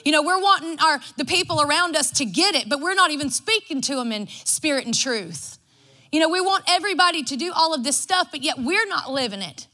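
A woman's voice: high-pitched, expressive, fairly quick, pushed and bright. A woman, preaching a devotional sermon in a folksy storytelling way. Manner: folksy and storytelling, acts out her own quotes.

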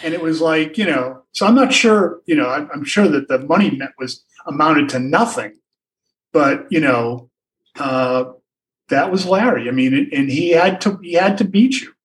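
A man's voice: a little high, expressive, moderate pace, recorded from a distance, rough recording. An older man, a sportswriter guest, telling stories in a rambling way with many restarts and asides. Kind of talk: anecdotal storytelling in a podcast interview.

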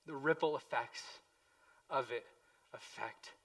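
Impassioned male pastor, bright voice. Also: medium pitch, takes it slowly, distant mic. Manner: impassioned, swings from hushed to loud. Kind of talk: sermon.

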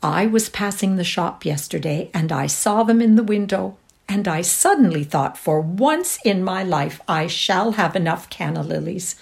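A woman reading aloud, voicing a genteel middle-aged mother who speaks in a calm, measured way. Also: lowish voice, creaky.

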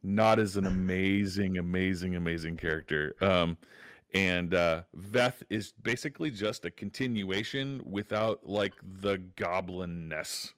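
A man with a lowish voice recapping a show in a loose, animated chat. He talks fast in bursts and peppers his lines with fillers. The sound is dry and close. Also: dry recording. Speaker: podcast co-host. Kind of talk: casual chat about a show.

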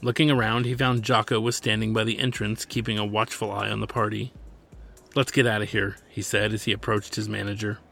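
A man's voice: fairly low pitch, completely flat delivery, quick pace, creaky, few pauses, fairly bright tone, faint music behind. A man narrating his own science fiction serial as an audiobook, reading steadily.

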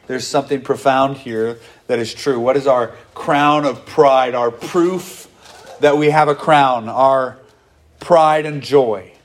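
A man preaching a sermon to his congregation, earnest and conversational, often acting out what people say. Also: medium pitch. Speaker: pastor.

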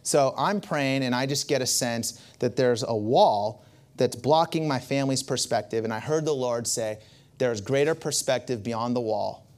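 A man's voice: mid-range voice, moderate pace, darkish tone. A male pastor delivers a sermon and leans on a personal story. He talks like he is chatting, and often stops to aim asides at the congregation.

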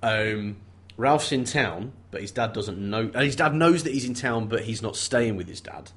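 Husky low-voiced man, wry and joking. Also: moderate pace, fairly bright tone. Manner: wry, joking, playful sarcasm. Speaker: podcast co-host. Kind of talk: casual chat about a mystery novel.

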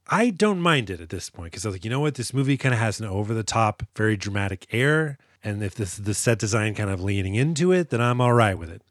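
A man's voice: medium pitch, dry recording, clean studio sound. Jokey man co-hosting a movie podcast. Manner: jokey, animated, does silly voices and sound effects. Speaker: podcast co-host. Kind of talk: casual movie review chat.

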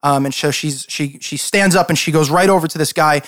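A man with a fairly high, slightly bright voice narrates a tabletop game as game master, casual and rambling and quick to laugh. The clean studio sound has no room tone.

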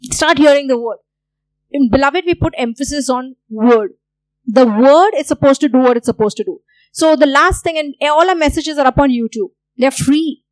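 A woman's voice: high-pitched, normal speed, dry recording, rough recording. A woman pastor preaching a sermon, earnest and repeating key phrases for emphasis.

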